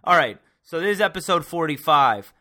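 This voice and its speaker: Male podcast host, rambling and teasing, bright forceful tone. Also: on the high side, lively intonation, moderate pace. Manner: rambling, teasing, pushing for energy. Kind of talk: casual sports chat.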